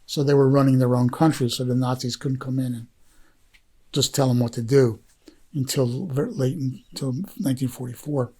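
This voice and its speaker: A man's voice: mid-range voice, fairly even intonation, normal speed, warm tone, slightly rough. A man who is a guest on a podcast, telling a story in a rambling, heartfelt way, full of fillers and restarts. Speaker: podcast guest, documentary filmmaker. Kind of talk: casual storytelling.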